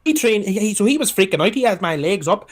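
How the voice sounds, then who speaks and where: A man's voice: high voice, fast. A young man, telling a long story on a casual podcast, swearing and acting out the people in it. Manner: animated, swearing, mimics people in his story. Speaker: podcast co-host.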